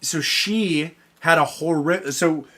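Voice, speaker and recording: A man's voice: a little high, slow pace, bright, forceful tone. A man co-hosting a podcast, bantering crudely and joking while reading out news stories. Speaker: podcast co-host.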